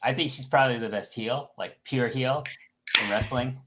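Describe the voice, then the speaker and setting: A man's voice: mid-range voice, moderate pace, a bit bright. A man speaking as a guest in a casual podcast chat, blunt and sweary and full of energy.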